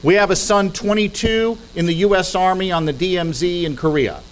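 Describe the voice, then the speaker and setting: A middle-aged guest speaker stands at a podium in a church hall, giving a persuasive talk. His voice sits high and moves fairly quickly, and he poses rhetorical questions and drops dry, humorous asides.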